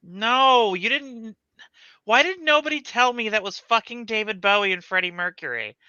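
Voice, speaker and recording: Excitable player, very bright lively voice, dull lo-fi mic. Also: mid-range voice, moderate pace, smooth, no echo. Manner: excitable, laughing, swearing. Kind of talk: tabletop game chat.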